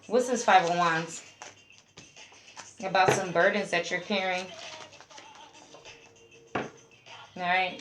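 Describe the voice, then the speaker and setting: A woman giving a casual tarot reading, chatty and talking straight to her viewers as a group. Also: lowish voice. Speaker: tarot reader. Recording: roomy echo, faint music behind.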